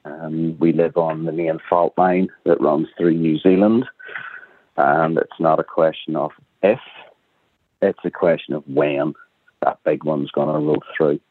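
A man's voice: a bass voice, fairly even intonation, unhurried, husky, dry recording. A man with a Northern Irish accent, a radio guest explaining things in a matter-of-fact way. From Northern Ireland. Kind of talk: radio phone interview. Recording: tinny phone line.

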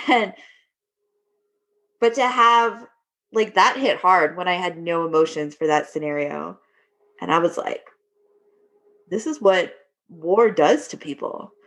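A woman veteran talking candidly in casual conversation, laughing at dark humor. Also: lowish voice, slow pace, long pauses. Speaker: military veteran.

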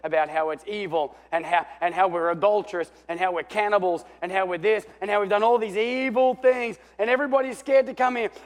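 A man voicing a grateful city thanking a prophet, speaking loudly and fervently. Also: very high-pitched, big-room sound, pitched above the performer's own voice. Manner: loud, fervent, emphatic.

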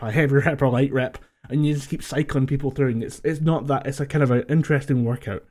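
A man's voice: medium pitch, steady tone, fast, hardly any pauses, darkish tone. Scottish guy on a podcast call, keeps laughing, swears a lot, regular middle voice. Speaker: podcast co-host. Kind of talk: casual chat. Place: home, recorded over a voice call.

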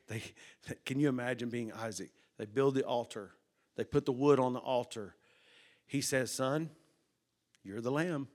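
A man preaching a sermon, moving from hushed tones to loud emphasis and asking the congregation questions. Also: medium pitch.

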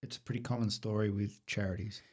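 A man's voice: lowish voice, steady tone, fast, a little mellow. A middle-aged man, chatting casually with a dry, teasing manner. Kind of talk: casual chat.

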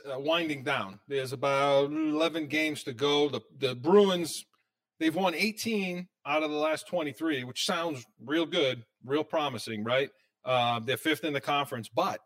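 An excitable man hosts a casual sports talk show, his voice sitting a little high for a man. He keeps the chat moving with animated, fast banter.

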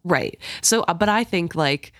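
A woman's voice: fairly low pitch, expressive, measured pace, a bit bright, dry recording, clean studio sound. A woman co-hosting a book podcast, thinking aloud in a chatty way, often saying "like" and "right?". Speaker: podcast co-host. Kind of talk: casual book discussion.

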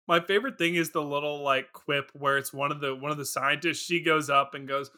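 A man's voice: fairly high pitch, lively intonation, normal speed, pushed and bright. A man co-hosting a podcast, gushing enthusiastically about a movie and laughing often. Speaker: podcast co-host. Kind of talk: casual movie chat.

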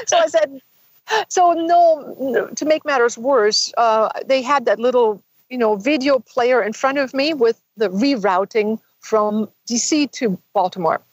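A woman guest in an interview, telling a long personal story in an animated way and acting out the quoted dialogue. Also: a little high, unhurried, no echo, rough recording. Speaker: guest author.

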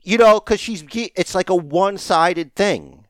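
A man's voice: high voice, unhurried, no echo, studio quality. A middle-aged man co-hosting a casual wrestling podcast, ranting emphatically and swearing as he argues. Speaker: podcast co-host.

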